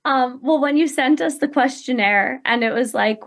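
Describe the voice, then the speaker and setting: A woman talking as a guest on a talk show, upbeat and animated, acting out quotes as she speaks. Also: high voice, moderate pace. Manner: upbeat, animated, quotes people in bright voices. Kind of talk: casual interview chat.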